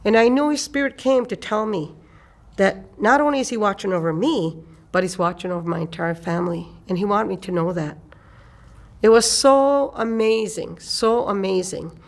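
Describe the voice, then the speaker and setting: Gravelly and mid-range, the voice belongs to an older eastern Canadian woman, an elder narrating a personal story in an unhurried manner and repeating phrases for emphasis.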